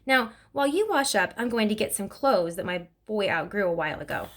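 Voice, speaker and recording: Woman reader doing a warm, no-nonsense mother figure from a storybook. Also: medium pitch, lively intonation, fairly quick. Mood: kind. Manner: warm with the child, sharp with her father. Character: kind but scolding grown woman, a mother.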